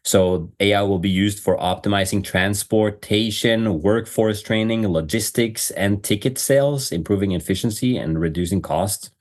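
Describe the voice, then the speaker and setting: A man with a fairly low voice chats through a podcast segment in a loose, rambling way. He leans on fillers and breaks into quick laughs. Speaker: podcast host. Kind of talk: casual podcast chat.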